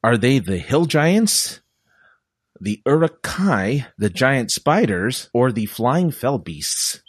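A man's voice: mid-range voice, big pitch swings, slow, husky, no echo, clean studio sound. A man co-hosting a podcast, reading quiz questions aloud in a casual, playful way and laughing often. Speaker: podcast co-host.

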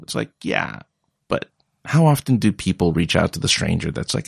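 Guy with a really low gravelly voice, swings his pitch a lot, just rambling on, dry sound. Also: lively intonation, quick pace, no room sound. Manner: rambling and conversational, mocking voices in quotes. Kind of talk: casual monologue.

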